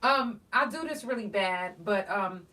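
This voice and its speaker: Animated woman storyteller, off-mic. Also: mid-range voice, unhurried, distant mic, low-quality recording. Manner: animated storytelling, swearing, acting out texts. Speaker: podcast host. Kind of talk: casual solo chat.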